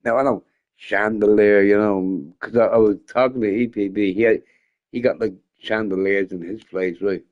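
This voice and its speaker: A man's voice: fairly low pitch, steady tone, normal speed, narrow, tinny audio. A young man chatting casually on a gaming stream, rambling, swearing freely and often breaking into laughter. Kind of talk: casual live-stream chat.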